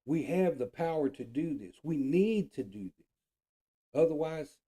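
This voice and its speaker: A man's voice: fairly high pitch, expressive, measured pace, dark tone, slightly rough. A man from the United States hosting his own show, delivering a blunt, profane political rant and repeating his points with frustration. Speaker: show host.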